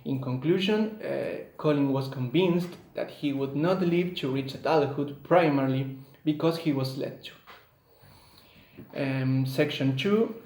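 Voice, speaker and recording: A man student giving a read-aloud academic presentation, measured and hesitant, pausing often with fillers. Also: mid-range voice, darkish tone, echoey room, slight background noise, poor audio.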